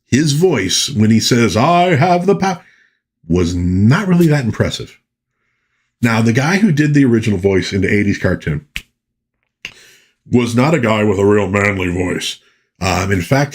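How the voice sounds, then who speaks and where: A man with a slightly husky voice rambles through casual pop culture chat as the show's host. His pitch rises and falls a lot as he talks, and he keeps drifting into folksy asides. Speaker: podcast host.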